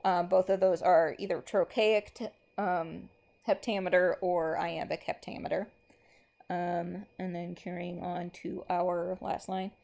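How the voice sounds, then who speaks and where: Slow, low, gravelly-voiced woman teacher. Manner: relaxed, thinking aloud with frequent ums, slows right down to read verse. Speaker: English teacher. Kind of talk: recorded classroom lesson.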